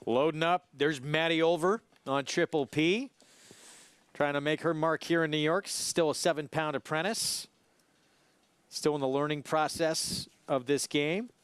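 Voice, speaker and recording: A man co-hosting a horse racing broadcast, giving quick, matter-of-fact takes on the runners. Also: fairly high pitch, steady tone, fairly bright tone, smooth, no room sound. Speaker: racing analyst.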